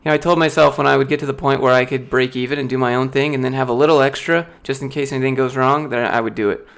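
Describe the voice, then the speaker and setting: A man's voice: medium pitch, steady tone, fast, vocal fry, a bit bright, smooth. A young American man chatting casually on a livestream, reading questions from chat and telling stories with lots of fillers, laughing often and mimicking other people's voices. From United States. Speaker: YouTuber answering live chat questions.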